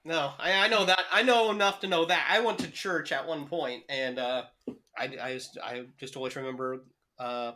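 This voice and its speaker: Man podcast co-host, bright edgy voice, laid-back, halting, lots of uhs. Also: fairly high pitch, steady tone. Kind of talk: casual comedic chat.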